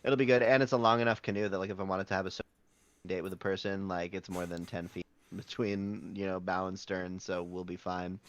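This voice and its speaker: A man hosting a casual podcast chat, relaxed and rambling, with bursts of excitement. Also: deep voice, brisk, no echo. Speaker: podcast host.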